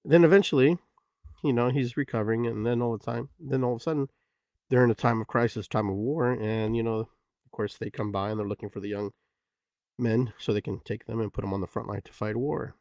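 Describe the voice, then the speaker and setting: A man's voice: medium pitch, a little fast, a little mellow, no echo. A middle-aged man hosting a podcast, telling a parable in a loose, rambling way with many fillers. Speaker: podcast host. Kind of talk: casual reflective storytelling.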